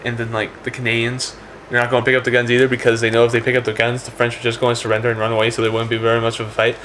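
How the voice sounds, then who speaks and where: A man's voice: medium pitch, monotone, a bit bright, a little hiss or hum. A man rambling through a comic monologue, packing his talk with "like" and "check this out". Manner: rapid, full of "like" and "check this out".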